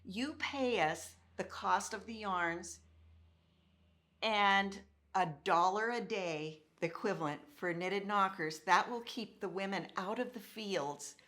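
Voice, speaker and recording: A woman's voice: medium pitch, slow. A middle-aged woman telling a personal story to an audience, acting out the dialogue she quotes. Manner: animated, acts out quoted dialogue. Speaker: speaker telling her story.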